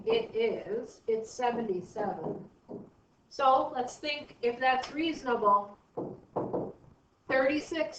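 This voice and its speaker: A woman's voice: sits high, distant mic, slight background noise. A woman math teacher giving a recorded lesson, chatty and thinking aloud as she works through problems. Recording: dull, roomy, from off mic.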